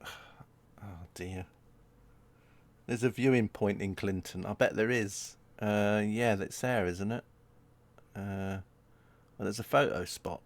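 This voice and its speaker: A man streaming a driving game, chatting in a rambling way and giggling at his own jokes. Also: on the low side. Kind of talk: live-streamed gameplay chat.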